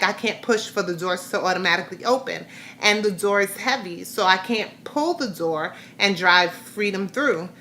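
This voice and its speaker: Bright voiced woman rambling thru a personal story on her vlog, keeps restarting. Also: medium pitch, slight background noise. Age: adult, has a grown son. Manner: candid, rambling retelling with frequent restarts. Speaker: vlogger.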